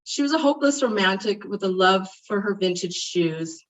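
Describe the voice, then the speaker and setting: A woman's voice: medium pitch, moderate pace. A middle-aged woman delivering a heartfelt memorial eulogy, reminiscing about a dear friend. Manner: heartfelt, reminiscing, animated when retelling stories. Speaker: eulogy speaker. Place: memorial service. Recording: distant, muffled mic.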